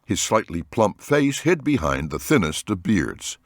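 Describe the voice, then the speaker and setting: A man narrating an audiobook with expressive storytelling. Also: on the low side, unhurried, no echo, studio quality.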